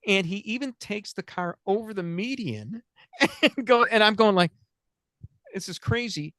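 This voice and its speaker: A man's voice: high-pitched, moderate pace, sharp tone, dry recording, clean studio sound. A man, host of a chat show, telling a long story in a rambling, self-interrupting way and laughing through the funny parts. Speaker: podcast host.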